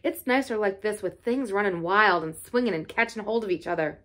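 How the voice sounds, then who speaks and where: A woman's voice: mid-range voice, fairly quick, fairly bright tone, natural voice. A woman voicing a cheerful twelve-year-old moorland boy with a broad Yorkshire dialect and an easygoing, earthy manner. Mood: thoughtful.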